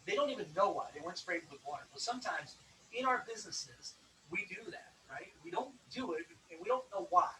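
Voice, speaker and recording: A man's voice: high-pitched, expressive, brisk, sharp tone. Guy doing a business seminar talk, chatty storyteller, kinda far from the mic w a little hiss. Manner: conversational, storytelling, frequent restarts. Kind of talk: motivational business lecture.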